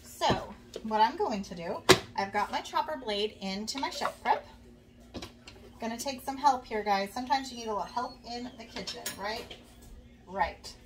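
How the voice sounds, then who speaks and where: A young woman makes friendly, meandering small talk with viewers as she cooks in her own kitchen, using lots of fillers. Her slightly high voice has lively intonation and a moderate pace. The mic picks her up from a little distance, along with faint background noise.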